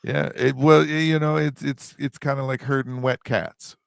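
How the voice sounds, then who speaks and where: A man's voice: medium pitch, level tone, moderate pace, vocal fry, no echo, clean studio sound. A man as a podcast guest, talking in a reflective way with casual swearing. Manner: reflective, salty, profane. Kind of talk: casual interview.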